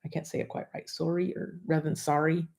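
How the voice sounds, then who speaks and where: American woman chatting on a livestream, gravelly. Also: sits low, fast talker. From United States. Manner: relaxed, laughs often, reads viewer comments. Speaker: co-host of a live stream. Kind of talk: casual chat.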